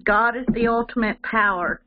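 A woman gives her church testimony in a fairly high voice, earnest and steady, repeating herself for emphasis. The recording is dull and lo-fi, with a faint hiss behind her. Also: moderate pace. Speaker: congregation member giving testimony. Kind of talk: personal testimony.

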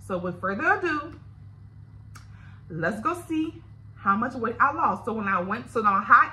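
A woman's voice: medium pitch, bright, forceful tone, rough recording. A woman with a Louisiana accent, chatting candidly and directly to her viewers in a casual video diary. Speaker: vlogger. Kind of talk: casual chat to camera.

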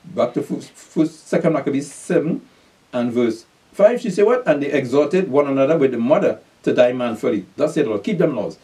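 A man's voice: mid-range voice, expressive, a little fast, dark tone, recorded from a distance. A man preaching a bible class, reading scripture aloud and explaining it with emphatic questions and repeated calls to pay attention. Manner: reads scripture aloud then explains it in call-and-response questions.

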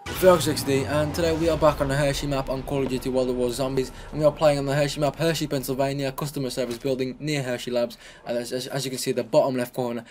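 A man's voice: medium pitch, flat delivery, fast, darkish tone, soft background music. A young man giving casual, rambling gameplay commentary, often repeating words and restarting his sentences. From Britain. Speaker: gaming commentator.

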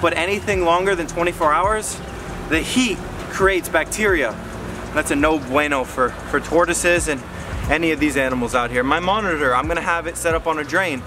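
A man talking to viewers in a casual outdoor vlog, excitable and direct, sometimes out of breath, recorded on an action camera. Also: fairly high pitch, normal speed. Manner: excitable, talks straight to viewers. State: out of breath at times. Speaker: vlogger, animal keeper. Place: outdoors, animal yard in hot weather. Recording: outdoor camera audio with noise.

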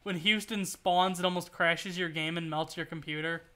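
A man's voice: fairly high pitch, steady tone, normal speed, pushed and bright, a little hiss or hum. A man streaming a video game, rambling and joking through his play and swearing when things go wrong. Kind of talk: casual gameplay commentary.

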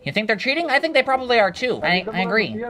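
A man voicing a goofy, excitable male alien who boasts and shouts while playing a shooter game. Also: high voice, racing, crowd noise. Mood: chatty. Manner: silly, boastful, bursts of shouting. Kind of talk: gameplay commentary.

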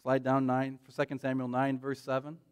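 A man preaching a sermon in a church, animated and conversational, often checking in with "right?". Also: medium pitch, moderate pace, smooth. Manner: animated, frequent "right?" tag questions. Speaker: pastor.

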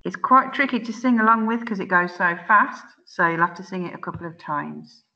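A woman teaching children an online French lesson, saying words slowly and clearly for them to repeat, chatty and laughing at her own slips. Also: medium pitch, expressive, pushed and bright, muffled recording. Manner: slow, clear drilling of words for repetition; chatty and self-mocking, exclaims at slips. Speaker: primary school teacher.

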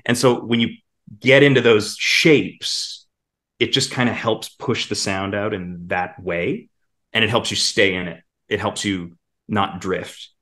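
A man, a voice actor, chatting casually in an interview and now and then slipping into quick character voices. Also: fairly low pitch. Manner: relaxed, demonstrates character voices in passing. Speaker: voice actor guest.

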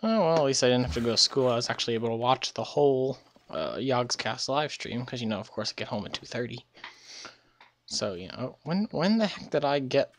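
A man's voice: medium pitch, animated, fairly quick, slight background noise. A tired man giving casual, rambling commentary over a strategy game, often correcting himself mid-sentence. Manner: rambling, self-correcting, chatty. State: recovering from illness. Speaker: let's play gamer.

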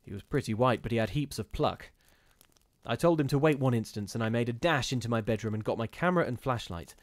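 A man reading a gothic ghost story aloud in a measured, steady storytelling manner with occasional brief restarts. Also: mid-range voice, no echo. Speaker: reader of ghost stories.

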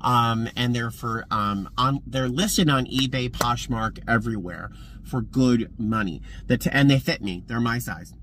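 A man chatting casually in a vlog from his car, expressive and talkative, with loud bursts now and then. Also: medium pitch, unhurried, noisy background. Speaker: vlogger. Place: in a car and around a parking lot.

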